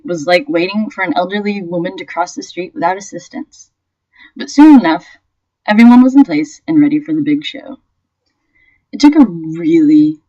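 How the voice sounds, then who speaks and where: Young woman reading her story, lo-fi. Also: lowish voice. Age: young adult. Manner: lively storytelling with bursts of laughter. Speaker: vlogger. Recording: dull lo-fi webcam audio.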